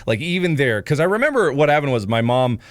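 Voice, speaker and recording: A young man from Ohio tells a casual story on his livestream. He rambles through lots of fillers, and his pitch leaps wildly as he acts out loud yelps. The sound is dry and close. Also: big pitch swings, fast talker, no room sound. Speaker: streamer.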